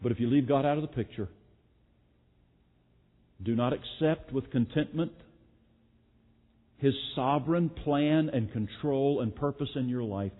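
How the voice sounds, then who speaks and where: A man's voice: mid-range voice, unhurried, pauses often. A man preaching a sermon as pastor, earnest and emphatic, repeating key phrases. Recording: echoey hall, phone-like sound.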